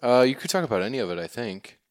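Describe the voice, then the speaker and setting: A man hosting a casual podcast about movies, steering the talk in a deadpan, mock-serious way. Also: mid-range voice, fast. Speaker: podcast host leading the discussion.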